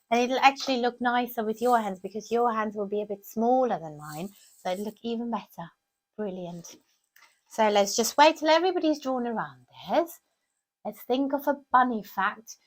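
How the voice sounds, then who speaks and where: A woman's voice: on the high side, moderate pace. A woman in her thirties presenting a children's crafts lesson, talking in a sing-song teacher's voice full of questions to the kids.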